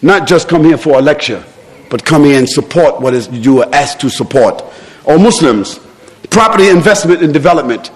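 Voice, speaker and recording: A male preacher giving an impassioned sermon in a mosque, firing off rhetorical questions and shouting for emphasis. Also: a little high, lively intonation, normal speed, in a large hall. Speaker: Islamic preacher.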